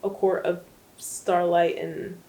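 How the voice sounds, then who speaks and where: A woman's voice: lowish voice, level tone, slow, gravelly, dark tone, rough recording. A young woman rambling through a casual book recap, full of fillers and asides. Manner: rambling, chatty, many fillers. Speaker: book vlogger.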